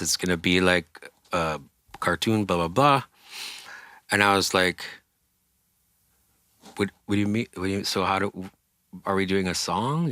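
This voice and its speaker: Animated, bright-voiced male rock singer. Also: sits low, no echo, studio quality. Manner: animated, swears freely, acts out quotes in other voices. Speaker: rock singer, interview guest. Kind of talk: casual storytelling.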